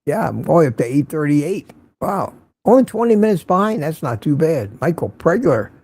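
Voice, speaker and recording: Gravelly, mellow-voiced male livestream host. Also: a little high, very animated, moderate pace. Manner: chatty, chuckles often, repeats himself. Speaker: livestream host reading viewer chat. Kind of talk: casual morning livestream chat.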